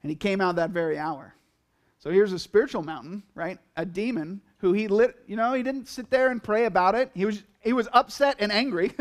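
Pastor, male, higher-pitched voice, casual sermon delivery with playful acted-out asides. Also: normal speed. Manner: conversational, animated, acts out quotes in asides.

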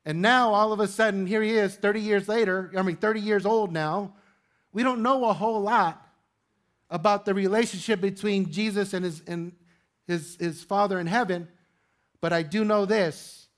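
A male pastor with a high voice preaches to his church in an easy, conversational way. He asks his listeners rhetorical questions and adds light humor. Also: fairly even intonation, moderate pace, a bit bright. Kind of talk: sermon. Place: church sanctuary with congregation.

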